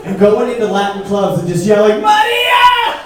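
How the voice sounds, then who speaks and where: A man's voice: sits high, fairly even intonation, a little fast, recorded from a distance. A man in his thirties doing a punchy stand-up set at a comedy club, asking the crowd questions. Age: 30s. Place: comedy club stage before a laughing crowd. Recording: echoey club recording from afar, loud noise.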